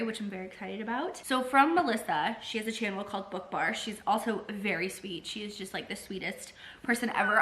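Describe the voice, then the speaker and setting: A woman book vlogger chatting casually and excitably to camera, full of "like" fillers and the odd swear word. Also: medium pitch. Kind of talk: casual vlog chat.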